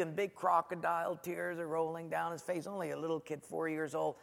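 Middle-aged male preacher, animated storyteller, high voice, echoey hall. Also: moderate pace, gravelly, few pauses. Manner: storytelling, animated, acts out quotes. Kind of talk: sermon.

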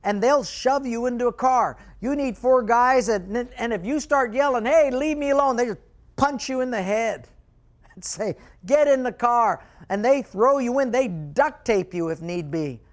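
A man preaching a sermon as pastor, telling stories with animation and dropping to quiet emphasis. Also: very high-pitched, expressive, normal speed.

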